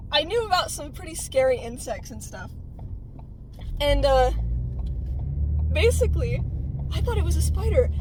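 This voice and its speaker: A woman's voice: sits high, noisy background. A young woman vlogger telling a childhood story in a casual, chatty way, full of fillers and "right?" check-ins.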